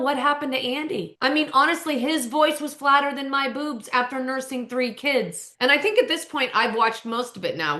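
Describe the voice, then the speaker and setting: A woman's voice: a little high, sharp tone, echoey room. A woman in her forties hosting a podcast, chatting casually and emotionally with her listeners. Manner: chatty, emotional, keeps saying "you guys". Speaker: podcast host. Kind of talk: casual chat.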